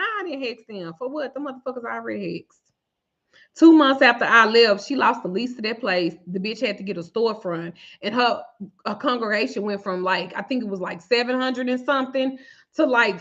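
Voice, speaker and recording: Brief: high, bright woman host, swearing storyteller, muffled lo-fi recording. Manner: profane, animated storyteller, laughing often. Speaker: tarot reader and vlog host. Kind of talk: casual storytelling to viewers.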